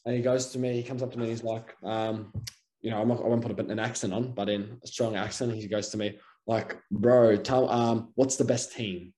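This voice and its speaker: A man's voice: lowish voice, flat delivery, fast, a little mellow. A young man with an Australian accent, co-hosting a podcast in casual chat and rambling through his stories with lots of restarts. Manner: rambling, full of fillers and restarts. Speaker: podcast co-host.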